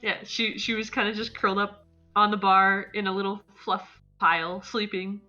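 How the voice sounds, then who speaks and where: A woman's voice: medium pitch, little pitch movement, moderate pace, sharp tone, dull audio, faint music behind. A woman playing in a tabletop game, describing a bird's actions in a casual, giggly way. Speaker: player.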